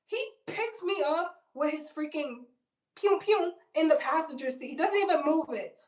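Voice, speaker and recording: A woman's voice: sits high, expressive, moderate pace. A woman in her twenties telling a story in a casual, blunt vlog, with frequent fillers and swearing. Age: 20s. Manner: chatty and blunt, heavy on "like" and swearing. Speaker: vlogger. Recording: roomy, distant from the mic.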